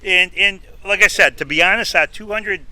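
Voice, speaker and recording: Bright, forceful middle-aged man telling stories. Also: high voice, a little fast, no echo. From New York, US. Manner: animated storyteller who acts out quoted dialogue. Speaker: food reviewer guest. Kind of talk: casual interview storytelling.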